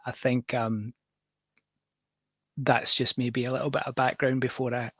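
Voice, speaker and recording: A man's voice: mid-range voice, little pitch movement, measured pace, sharp tone, husky, no room sound. A Scottish man hosting a casual livestream, talking in a rambling, jokey, self-deprecating way. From Scotland. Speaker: livestream host and musician.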